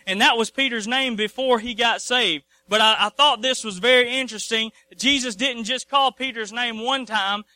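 Bright-voiced man preaching a sermon. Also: very high-pitched, no echo. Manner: folksy, repeats phrases, calls for amens.

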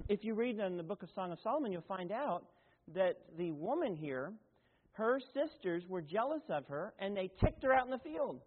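Tinny pastor in echoing hall. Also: male voice, high-pitched, big pitch swings, normal speed. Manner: folksy and conversational, with asides and self-corrections. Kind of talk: sermon. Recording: tinny, phone-like sound in a long-echoing hall.

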